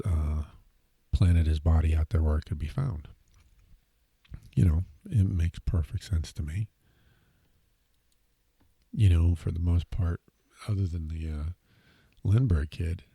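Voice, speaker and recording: A man's voice: sits low, vocal fry, warm tone, breathy edge, no room sound. A man hosting a podcast, rambling casually through a musing monologue full of fillers and asides. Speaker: podcast host.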